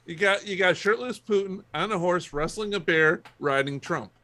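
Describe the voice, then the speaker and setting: A man's voice: high voice, normal speed, sharp tone, dry recording. A man co-hosting a casual podcast, bantering and joking with the others. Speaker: podcast co-host. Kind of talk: casual chat.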